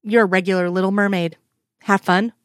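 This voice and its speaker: A woman's voice: medium pitch, fairly even intonation, brisk, clean tone, no room sound, lightly acted. A woman voicing a reserved, stone-faced older man who speaks firmly and dryly, in an audiobook reading. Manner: firm, dry understatement.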